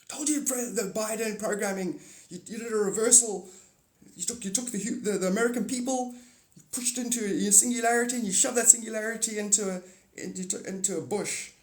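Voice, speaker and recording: A man voicing an irritable, foul-mouthed grey alien that bickers and swears in a squeaky, raised voice. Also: fairly quick, roomy sound, lightly acted. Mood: bickering.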